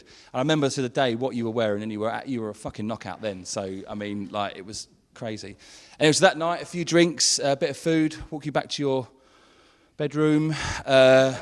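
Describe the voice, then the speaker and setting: A man's voice: a little high, a little fast, big-room sound. A man in his thirties speaks at a wedding reception as the groom. He talks informally and swears now and then. He restarts his sentences often and sounds emotional. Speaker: groom giving a wedding speech. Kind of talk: wedding speech.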